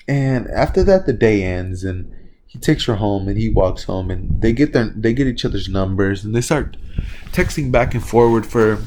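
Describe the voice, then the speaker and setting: A man's voice: lowish voice, moderate pace, darkish tone, a little hiss or hum. A young man telling a fan-fiction story off the cuff on his small channel, rambling with lots of fillers and self-corrections. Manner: rambling, filler-heavy, loose and offhand. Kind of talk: casual improvised fan-fiction narration.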